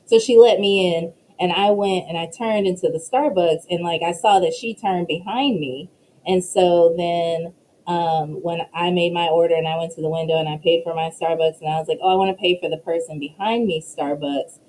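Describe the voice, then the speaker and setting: A woman professor as an interview guest, animated and laughing as she tells stories. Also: fairly low pitch, moderate pace, a little hiss or hum, poor audio. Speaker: professor and associate dean, guest. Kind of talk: casual interview.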